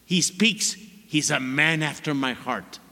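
A Catholic priest in his sixties giving a sermon, an expressive storyteller who stresses his points by repeating them. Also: fairly high pitch, takes it slowly, gravelly. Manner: animated, expressive storyteller with laughs and emphatic repetition. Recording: long reverb of a large hall.

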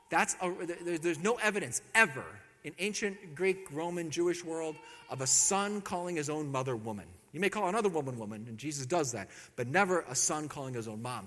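A man preaching a sermon, animated and joking, peppering his congregation with rhetorical questions. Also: a little high, big-room sound.

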